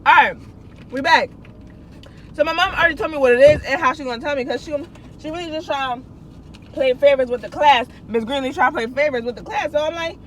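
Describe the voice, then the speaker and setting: High-voiced young woman telling a story. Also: fast, slight background noise, low-quality recording. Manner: chatty slangy storytelling, restarts and asides to viewers. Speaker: vlogger. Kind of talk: casual storytime.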